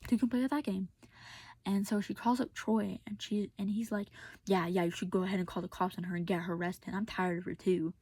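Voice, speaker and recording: Husky young woman venting her story. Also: on the low side, flat delivery, fairly quick, a little mellow, dry recording. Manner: casual, venting, many fillers, drops to whispers. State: tearful. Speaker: vlogger telling a personal story. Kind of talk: personal storytelling vent.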